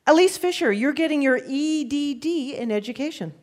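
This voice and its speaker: A woman's voice: high voice, lively intonation. Upbeat woman hosting a live quiz. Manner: upbeat, joking, quick to banter. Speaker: quiz show host. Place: stage before a live audience.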